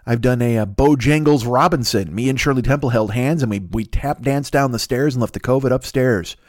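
A man's voice: medium pitch, fairly quick, a little mellow, no room sound, studio quality. A middle-aged man hosting a podcast, riffing profanely through a comedic monologue that keeps wandering off on tangents. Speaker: podcast host.

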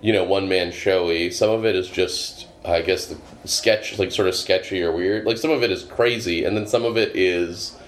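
Low-voiced rambling comedian guest. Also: male voice, moderate pace, hardly any pauses. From Boston area. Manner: rambling, wry, full of asides and restarts. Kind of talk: casual chat. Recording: roomy echo with faint hum.

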